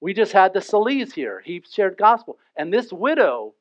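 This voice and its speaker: High-voiced man preaching in a dull, dry recording. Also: moderate pace, no room sound. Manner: lively, acts out little scenes and quotes with humor. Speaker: pastor. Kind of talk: sermon. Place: church sanctuary.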